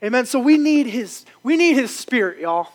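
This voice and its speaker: High-voiced pastor preaching. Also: male voice, very animated, moderate pace. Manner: repetitive, emphatic preaching. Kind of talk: sermon.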